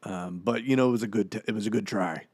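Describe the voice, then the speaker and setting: A man's voice: fairly low pitch, quick pace, a little mellow, breathy edge, dry recording. A man playing the rambling, profane ghost of a washed-up male actor in a comedic audio commentary, full of fillers. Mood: rambling, boastful.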